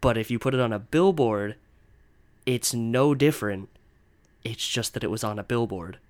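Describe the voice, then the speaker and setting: A man's voice: medium pitch, moderate pace, darkish tone. A young man hosting his own podcast, ranting casually and exasperatedly, swearing often and rambling with lots of fillers. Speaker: podcast host. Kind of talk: casual solo rant.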